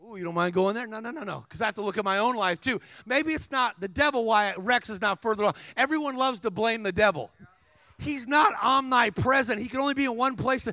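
A man preaching a sermon as a guest speaker, telling stories energetically with humor, asides to the crowd and emphatic shouts. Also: very high-pitched, brisk, no echo. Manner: energetic storytelling with humor and call-and-response asides; emphatic, rising to shouts at climaxes.

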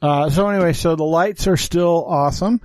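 A man's voice: on the high side, moderate pace, a little mellow, no echo. A man co-hosting a casual podcast, blunt and rambling, swearing now and then. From Utah. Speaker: podcast co-host. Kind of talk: casual chat.

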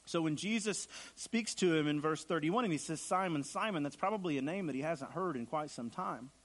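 A man's voice: on the high side, expressive, a little fast. A man preaching a sermon in an earnest way, repeating phrases for emphasis and acting out the lines he quotes. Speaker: pastor.

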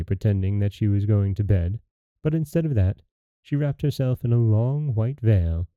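A man hosting a storytelling podcast, reading a fairy tale aloud in a calm, measured way. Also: mid-range voice, dry recording, lo-fi sound.

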